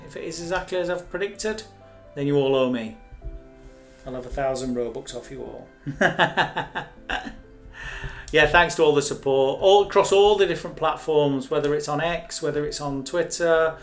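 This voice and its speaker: A man casually chatting and rambling as host of a live game stream, joking at his own expense. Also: a little high. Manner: chatty, rambling, self-mocking.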